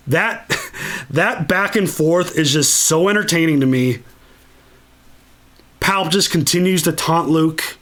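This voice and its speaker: A man hosting a solo podcast, talking casually and excitedly, swearing a lot and acting out lines from movies. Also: a little high, measured pace. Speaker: podcast host.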